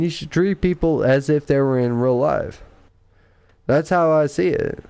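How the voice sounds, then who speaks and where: A man's voice: on the high side, unhurried, creaky, warm tone, clear, resonant tone, dry recording. A man hosting a casual podcast, telling a gaming story with lots of swearing and mocking quoted voices. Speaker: podcast host and clan recruiter.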